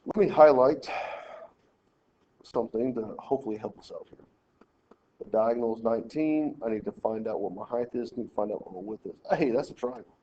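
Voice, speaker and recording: A man's voice: mid-range voice, fairly quick, muffled recording, slight background noise. A man teaching a math lesson, working through problems step by step and telling students how to lay out their work. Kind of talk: screen-recorded math lesson walkthrough.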